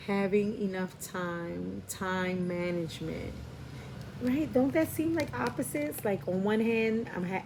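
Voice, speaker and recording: Speaking at a measured pace in a mid-range, darkish voice, a Puerto Rican tarot reader from the New York–Philadelphia area talks through her cards casually and spiritually. A Spanish heritage speaker, she thinks aloud with many fillers and checks in with "right?" again and again. There is slight background noise.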